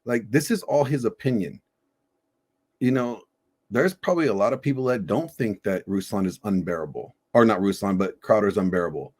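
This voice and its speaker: A middle-aged man co-hosting a reaction show, telling stories in a loose, animated, profane way. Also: on the low side, normal speed, husky. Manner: animated storyteller, swears freely. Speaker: podcast co-host reacting to a video. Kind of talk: casual profane reaction chat.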